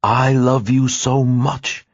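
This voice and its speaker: Man voicing an insistent pleading lover, deep, lively delivery, dry studio sound. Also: a little slow, breathy edge, no room sound, heavily acted. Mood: overjoyed. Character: eager, insistent man in love. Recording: dry, slightly muffled studio read.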